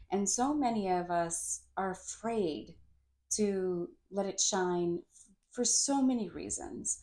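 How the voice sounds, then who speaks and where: A woman's voice: on the low side, a little mellow. A woman life coach and actress, a guest on a podcast, talking in an earnest, motivational way. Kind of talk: podcast interview.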